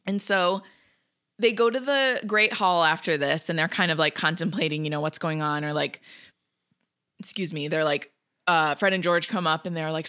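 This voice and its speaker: A woman's voice: sits low, moderate pace, clean tone. A woman co-hosting a casual podcast, animatedly retelling a book chapter and acting out characters' lines, with lots of "like". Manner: animated retelling, frequent "like", acts out quotes. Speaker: podcast co-host. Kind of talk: casual book-recap chat.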